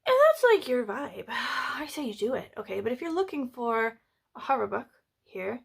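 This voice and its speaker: A woman's voice: on the high side, sing-song, moderate pace, creaky, breathy edge. Woman book vlogger with a casual, chatty review style. Sarcastic, swears, leans heavily on fillers. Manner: chatty, swears freely, lots of "like" and "you know"; amused and sarcastic.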